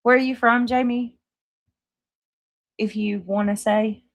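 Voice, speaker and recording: Reading comments on her live stream, a Southern-accented woman chats casually and swears freely. Her voice is a little high, with fairly even intonation and a slow pace, and there's no echo.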